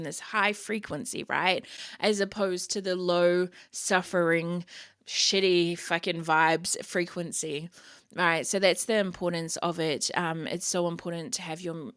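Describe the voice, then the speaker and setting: New woman coach, casual motivational podcast host, lower-pitched, blunt and sweary. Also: fairly bright tone. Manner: frank, swears freely, tags "right?".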